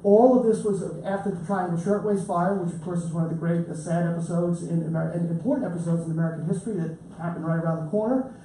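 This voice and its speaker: A man's voice: on the high side, steady tone, fast, warm tone, slight background noise. A man giving an informal talk about his book, chatty and joking, with frequent restarts. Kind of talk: informal lecture with storytelling. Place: lecture room with audience. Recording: roomy, distant mic with faint ambience.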